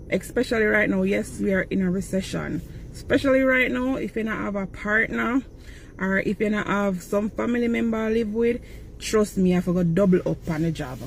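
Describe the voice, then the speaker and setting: A man's voice: sits high, moderate pace, creaky, a bit bright, a little hiss or hum, poor audio. A young man with a Jamaican accent, speaking earnestly and directly in casual testimony. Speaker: interviewee.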